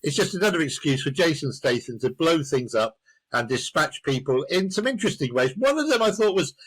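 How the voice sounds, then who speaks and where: A man's voice: fairly high pitch, big pitch swings, fairly quick, fairly bright tone, slightly rough, poor audio. A man reviewing a film on a podcast, wry and dryly sarcastic as he gives his verdict. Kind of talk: casual film review chat.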